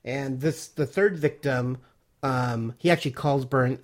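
A man's voice: medium pitch, a little slow. A man co-hosting a podcast, animatedly recapping a TV episode in casual chat and quoting its characters. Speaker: podcast co-host.

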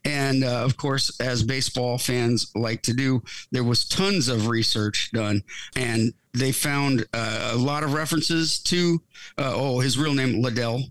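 A man's voice: medium pitch, fairly even intonation, measured pace, a bit bright, dry recording, poor audio. A man co-hosting a podcast who tells a story in a casual, wry, amused way. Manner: wry, amused, with chuckles in his telling. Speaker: podcast co-host.

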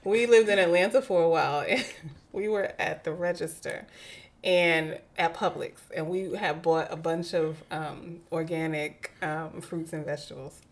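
A woman's voice: sits low, fairly even intonation, moderate pace, a little hiss or hum. A woman hosting a podcast, chatting casually, laughing often and quoting people as she tells a story. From New York. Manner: laughs often, quotes people in her stories. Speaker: podcast host. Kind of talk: casual chat.

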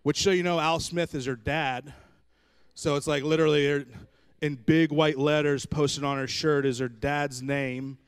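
A man's voice: fairly high pitch, steady tone, normal speed, clean tone. A man in his thirties preaching a humorous sermon, telling stories from his own marriage with self-deprecating jokes. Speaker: pastor.

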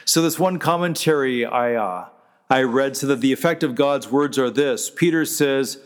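A man's voice: medium pitch, moderate pace, big-room sound. A man, a pastor, preaching a sermon in a conversational way, stopping to restart and quoting scripture.

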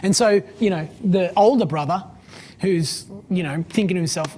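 A woman preaching a sermon in an easy, conversational way, with plenty of fillers and questions put to her listeners. Her voice is husky and breathy. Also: fairly low pitch, moderate pace, mellow.

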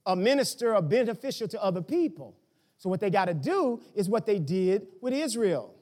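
A man preaching a sermon as pastor, asking rhetorical questions and breaking into shouts. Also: sits high, sing-song, normal speed.

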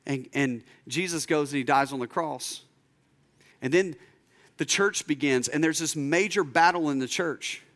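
A young man preaching a sermon as a pastor, telling a story and acting out the voices in it, dropping low and slow for emphasis. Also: a bit bright.

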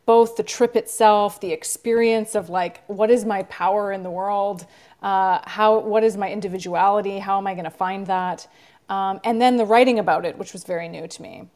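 A woman's voice: mid-range voice, darkish tone. A woman author being interviewed, talking in a reflective, chatty way with lots of fillers. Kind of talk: casual interview talk.

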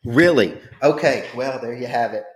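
A man's voice: mid-range voice, normal speed. A man hosting a podcast in casual chat, carefully restating points, with fillers. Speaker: podcast host.

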